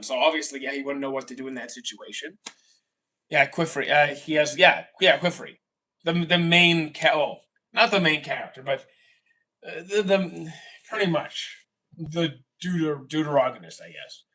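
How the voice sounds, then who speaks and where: Young Canadian man for a casual stream chat: bright, somewhat high voice, rambles and self-corrects, sits back from the mic. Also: recorded from a distance.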